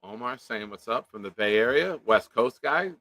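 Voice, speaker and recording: A man's voice: mid-range voice, animated, moderate pace, pushed and bright, no echo. A man hosting a casual live-stream chat, joking around and reading viewer comments aloud. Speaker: show host.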